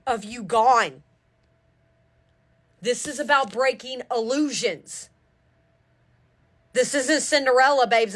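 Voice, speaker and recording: This woman's voice sits on the high side with a fairly bright tone as she gives an urgent, preachy tarot reading. She swears casually and often asks whether listeners understand, repeating "do you understand".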